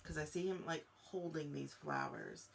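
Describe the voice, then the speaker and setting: A woman hosting a live-streamed spirit reading as a psychic medium. She speaks directly to a viewer and searches for her words, with many fillers and pauses. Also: deep voice, wildly swooping pitch, creaky, a little hiss or hum. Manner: halting, searching speech full of fillers.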